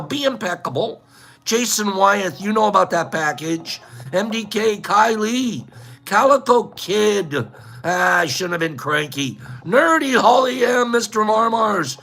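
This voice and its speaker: Gravelly, bright-voiced man hosting a stream. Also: high voice. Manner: playful, rambling shout-outs. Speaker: livestream host. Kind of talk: casual livestream chat, reading out viewer names.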